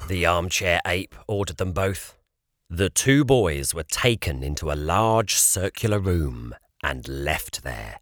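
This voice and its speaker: A man narrating a children's fantasy audiobook in a measured, expressive way. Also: sits low, no echo, studio quality.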